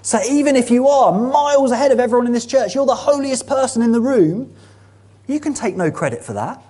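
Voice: mid-range voice, animated, a little fast, dark tone. A preacher giving a sermon in a church meeting room, earnest and building to emphatic peaks.

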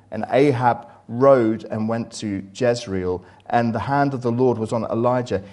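Delivering a sermon, a man reads from scripture and retells it dramatically, his voice shifting from loud, excited bursts to quiet, low stretches.

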